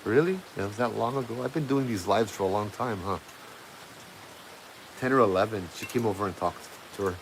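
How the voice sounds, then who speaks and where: A man's voice: lowish voice, fairly quick, creaky, background noise. A man hosting a livestream, telling a ghost story in a casual, rambling way with plenty of fillers and restarts. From Hawaii. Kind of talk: casual storytelling to a live chat.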